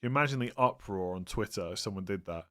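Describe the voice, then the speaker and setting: This English streamer has a lowish, slightly bright voice and talks fast as he reads and answers questions from viewers. He sounds tired, yawns, rambles chattily and keeps interrupting himself.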